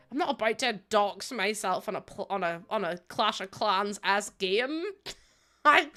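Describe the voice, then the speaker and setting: Young woman, bright voice, chatty streamer, rambling, laughs a lot. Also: a little high, clean tone. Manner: chatty, rambling storyteller who laughs often. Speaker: game streamer. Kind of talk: casual chat while streaming. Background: faint background music.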